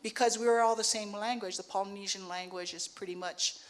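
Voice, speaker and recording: Middle-aged woman from Hawaii, panel speaker, relaxed, with lots of ums and you-knows. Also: medium pitch, fairly quick. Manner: relaxed, thinking aloud with many fillers. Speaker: artist and professor, panel speaker. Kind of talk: panel conversation.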